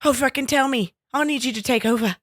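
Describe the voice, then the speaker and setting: A woman's voice: sits high, fast talker, fairly bright tone, no room sound, clean studio sound, pitched above the performer's own voice. Woman doing oak king, burnt-out party pop star, swearing, weary, raised voice. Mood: weary pleading. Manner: profane, weary, pleading.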